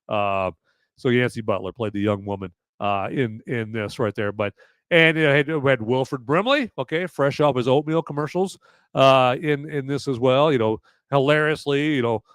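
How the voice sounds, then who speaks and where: A man's voice: medium pitch, normal speed, fairly bright tone, clear, resonant tone, no echo. A man hosting a live movie review podcast, rambling casually with many fillers and swearing. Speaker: podcast host.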